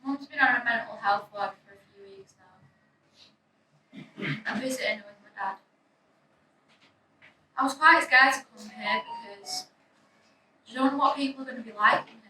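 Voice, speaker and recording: A woman's voice: fairly high pitch, a little slow, long pauses. A young woman narrating her own story in the first person, in an anxious, breathless, confessional way. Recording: echoey room, distant mic, faint noise.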